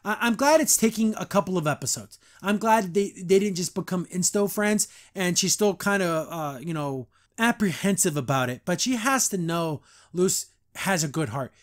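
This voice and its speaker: A man's voice: high-pitched, normal speed. A man hosting a podcast, giving a casual, rambling episode review full of "like"s and laughs. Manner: animated, rambling, frequent laughs and "like". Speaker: podcast host.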